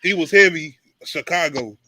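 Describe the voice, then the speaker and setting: A man with a high, bright voice tells animated stories on a podcast. His voice sounds dry and close. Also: normal speed, dry recording. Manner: animated storyteller, laughs often. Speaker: podcast co-host. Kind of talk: casual chat.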